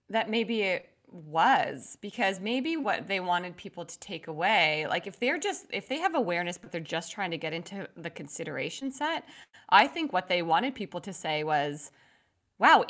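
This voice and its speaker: A woman co-hosting a casual marketing discussion, animated, often voicing what brands or people might say. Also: lowish voice, moderate pace. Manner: animated, acts out quoted voices. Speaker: podcast co-host. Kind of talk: casual chat about marketing.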